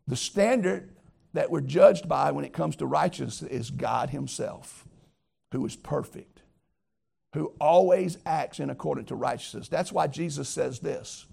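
A man's voice: a little high, a little slow, creaky, a little mellow, husky. A man preaching a sermon as pastor, earnest and emphatic, talking straight to his listeners.

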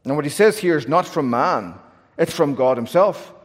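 A man's voice: on the high side, moderate pace. Earnest male pastor preaching in a reverberant church. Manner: earnest, animated, self-deprecating humor. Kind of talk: sermon. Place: church sanctuary, pulpit.

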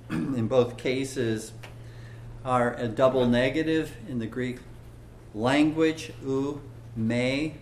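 A man preaching a sermon, slow and earnest, building to emphatic swells. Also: medium pitch, echoey room, a little hiss or hum.

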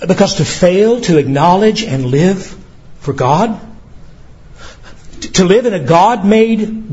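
A male pastor preaching a sermon with passion, swinging between commanding shouts and low quiet asides. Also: dull audio.

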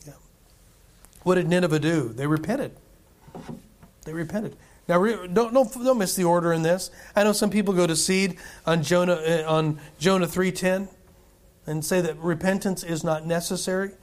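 Speaking at a normal speed in a high voice, a preacher reads scripture and preaches emphatically, repeating points and posing questions to his congregation.

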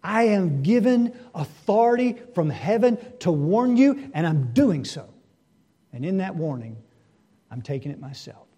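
A man preaching a sermon to his congregation, asking rhetorical questions and swinging between hushed and loud delivery. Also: sits high, big pitch swings, a little slow, husky.

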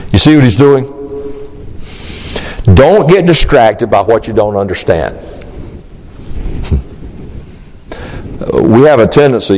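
Animated preacher in an echoing hall. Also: male voice, mid-range voice. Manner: animated, emphatic, acts out the disciples' questions. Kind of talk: expository sermon.

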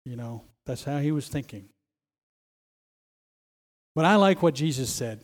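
Animated male preacher, lively pitch. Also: measured pace. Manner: emphatic, repeats phrases and restarts. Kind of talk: sermon.

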